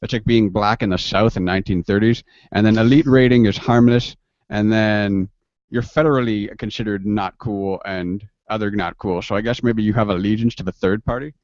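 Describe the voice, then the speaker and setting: A man's voice: on the low side, fairly even intonation, moderate pace, a little mellow, no room sound, dull audio. A man chatting casually with a friend while playing a game, joking and rambling with frequent laughs.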